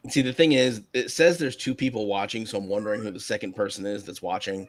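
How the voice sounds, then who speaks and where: A man's voice: fairly low pitch, quick pace, no echo. A man hosting a live stream, chatting casually with a co-host, hesitant and often chuckling. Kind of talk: casual chat.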